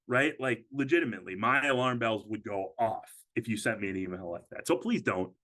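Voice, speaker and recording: A man's voice: lowish voice, lively intonation, fairly quick, few pauses, sharp tone. Casual-talking man presenting a webinar. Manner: casual, conversational, with frequent fillers and restarts. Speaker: financial advisor.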